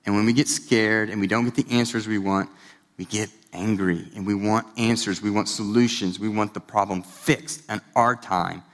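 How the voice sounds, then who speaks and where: A man in his thirties giving a sermon, telling a story in a conversational way, with animated bursts. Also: lowish voice. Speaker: pastor. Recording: long hall reverb.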